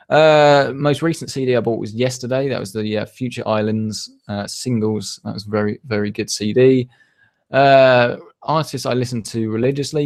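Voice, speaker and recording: A young man hosting a tech channel's live Q&A, chatting casually and rambling with many fillers and restarts. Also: medium pitch. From United Kingdom. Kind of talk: live stream Q&A.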